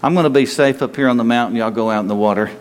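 A man preaching a sermon to a congregation, telling stories in an animated way and moving between loud bursts and quieter stretches. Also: medium pitch, very fast, clear, resonant tone. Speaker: pastor. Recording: long hall reverb.

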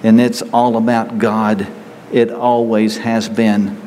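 A man's voice: fairly low pitch, little pitch movement, slow pace, mellow, long reverb tail, a little hiss or hum, rough recording. A man preaching a sermon as pastor, earnest and growing emphatic as he reads scripture.

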